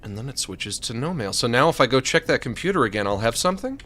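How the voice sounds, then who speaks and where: A man's voice: mid-range voice, sing-song, quick pace, pushed and bright, slight background noise. A man streaming a game, rambling and joking, with panicky yelps when chased. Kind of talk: let's play commentary.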